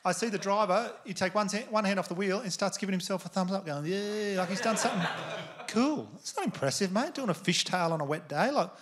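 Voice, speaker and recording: A man's voice: high-pitched, animated, quick pace, a bit bright, a little hiss or hum. An Australian man in his thirties performing a stand-up comedy set, telling rambling stories full of swearing. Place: theatre stage with live audience.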